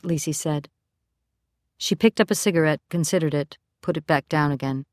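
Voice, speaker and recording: A woman narrating a novel as an audiobook in a steady, even storytelling manner. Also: low-pitched, normal speed, no room sound, clean studio sound. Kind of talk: scripted narration.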